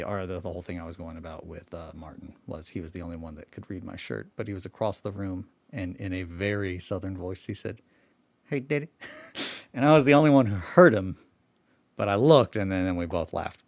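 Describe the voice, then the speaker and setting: A man's voice: deep voice, vocal fry. A man who has just woken up, rambling casually about his tabletop hobby, often breaking off and swearing freely. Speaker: hobby vlogger.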